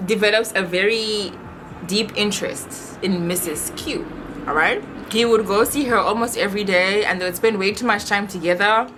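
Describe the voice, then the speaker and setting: A young woman telling a personal story in a chatty, animated vlog style, full of rhetorical questions. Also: medium pitch, moderate pace, a little hiss or hum. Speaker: vlogger. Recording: music playing under voice.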